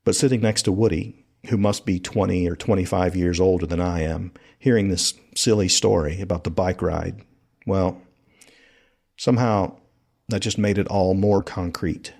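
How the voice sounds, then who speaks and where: A man's voice: sits low, steady tone, normal speed, gravelly, darkish tone. A man from South Carolina, hosting a podcast and telling stories in a conversational, scripted narration. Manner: conversational storytelling. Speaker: podcast host.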